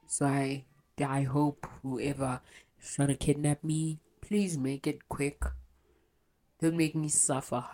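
Low-voiced young woman. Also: mellow. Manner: blunt, swears freely, candid. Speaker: podcast host. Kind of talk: confessional solo podcast.

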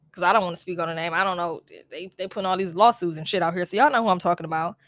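A woman's voice: on the low side, fairly bright tone, no echo. Blunt, exasperated woman podcast host. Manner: blunt, exasperated, profane, with frequent "like" fillers. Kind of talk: casual solo podcast rant.

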